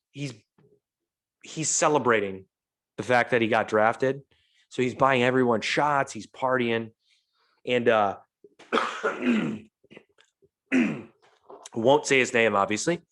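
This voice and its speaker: A man from St. Louis, USA, hosting a podcast, takes his time with a mid-range voice and pauses often. In casual conversation he tells a long, profane story about a party, animatedly acting out what people said.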